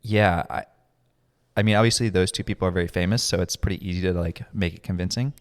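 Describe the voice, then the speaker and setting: A man's voice: low-pitched, steady tone, fast talker, long reverb tail. A young man co-hosting a podcast in casual chat, rambling with lots of fillers and self-deprecating asides. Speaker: podcast co-host.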